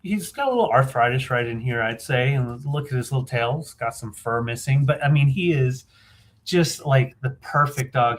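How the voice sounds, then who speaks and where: A man's voice: medium pitch, moderate pace. A man co-hosting a live vintage sale, talking in an easygoing, fond way with lots of fillers. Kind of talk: casual sales chat.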